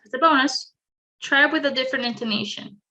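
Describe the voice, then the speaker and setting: A woman's voice: sits high, quick pace, bright, forceful tone. Woman presenting a skills workshop online. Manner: clear instructive delivery with light asides.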